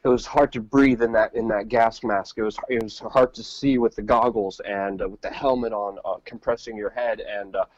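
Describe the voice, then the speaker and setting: Husky man, lo-fi remote call. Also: fairly low pitch, steady tone, normal speed, hardly any pauses, dry recording. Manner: rambling, repeats words, many fillers. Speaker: podcast co-host reporting from the field. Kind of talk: casual live-stream chat.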